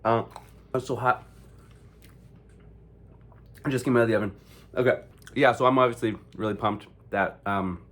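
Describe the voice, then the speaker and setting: Male fitness vlogger, lowish voice, loose and upbeat, casual swearing. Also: fairly even intonation, normal speed, a bit bright. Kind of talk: casual vlog talk to camera.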